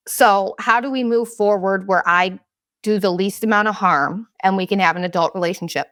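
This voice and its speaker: A woman in her thirties talks straight into the mic, blunt and unfiltered, swearing freely as she opens up about personal matters. Her voice sits at a middle pitch, and the sound is dry and close with no room around it. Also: moderate pace, a bit bright, no echo. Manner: blunt, profane, confessional. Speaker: podcast host. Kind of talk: candid casual monologue.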